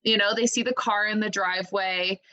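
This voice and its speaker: A woman's voice: medium pitch, fairly even intonation, moderate pace, bright, forceful tone, rough recording. A young woman co-hosting a podcast, chatting casually and filling her talk with "like" and "you know". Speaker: podcast co-host. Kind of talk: casual chat.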